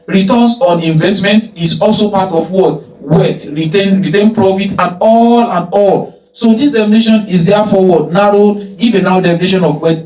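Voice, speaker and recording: A man teaching an economics lesson, who poses rhetorical "what?" questions, answers them himself and repeats key phrases. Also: high voice. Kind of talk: recorded lecture. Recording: echoey room, mic at a distance.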